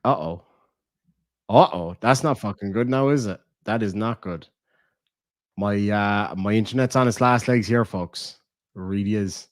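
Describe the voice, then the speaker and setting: A man's voice: on the low side, normal speed, no echo, studio quality. An Irish man streaming, casually chatting and reading out viewer comments, swearing and laughing between rambling asides. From Ireland. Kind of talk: casual live-stream chat.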